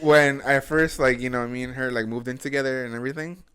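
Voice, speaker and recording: A male podcast host telling a story in casual chat, animated and full of swearing, acting out what people said. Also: medium pitch, quick pace, a crowd in the background. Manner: animated, profane storytelling that acts out his own and others' lines.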